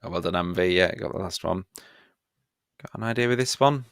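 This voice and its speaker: A man's voice: deep voice, brisk, clean tone, dry recording, clean studio sound. A man teaching a live online history revision session, playful and self-mocking as he runs a quiz.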